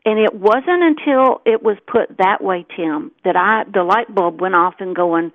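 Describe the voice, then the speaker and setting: A woman's voice: mid-range voice, measured pace, hardly any pauses, no echo. Middle-aged woman on a tinny phone line. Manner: earnest, retells dialogue in her story. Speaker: co-host. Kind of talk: casual storytelling chat.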